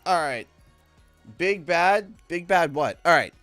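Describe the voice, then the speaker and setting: A man's voice: a little high, expressive, slow pace, a bit bright, faint music behind. A man with a Canadian accent, casually commentating a live gaming stream and rambling to himself as he clicks through menus.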